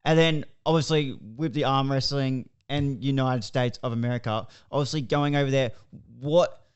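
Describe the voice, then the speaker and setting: Aussie host guy, smooth clear voice, easygoing questions. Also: mid-range voice, normal speed, dull audio. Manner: relaxed, asks loose questions. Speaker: podcast host. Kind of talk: casual interview questions.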